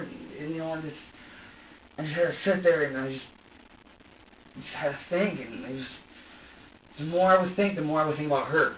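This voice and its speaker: A man's voice: fairly high pitch, moderate pace, pauses often, slight background noise. A young man being questioned by police, recounting events in an agitated, profane way and quoting his own thoughts aloud. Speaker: suspect in a police interview. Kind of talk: recounting events under interrogation. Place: police interview room. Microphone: room camera from afar. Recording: distant, echoey, dull interview-room recording.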